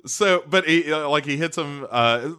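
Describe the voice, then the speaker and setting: A man's voice: fairly high pitch, a little slow, sharp tone, clean tone. A man co-hosting a podcast in casual chat, recapping scenes with many fillers and dry humor. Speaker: podcast co-host.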